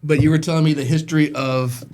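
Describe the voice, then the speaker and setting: A man's voice: a little high, fairly even intonation, fast talker, a little mellow. A man hosting a podcast interview, steering the talk in a casual, easygoing way. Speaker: podcast host.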